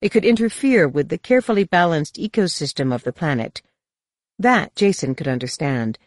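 Audiobook narrator, woman, low voice, steady even read, dry close sound. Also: normal speed, dry recording. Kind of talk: scripted narration.

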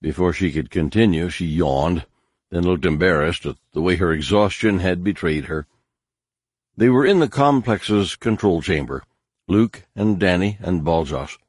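Deep-voiced male audiobook narrator. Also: no echo, clean studio sound. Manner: measured, even storytelling.

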